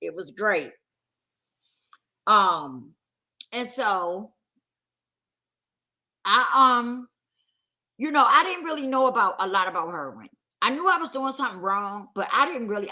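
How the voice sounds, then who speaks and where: Husky, animated woman telling her story. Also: mid-range voice. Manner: conversational, acts out quoted dialogue. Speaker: personal testimony speaker. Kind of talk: candid personal storytelling.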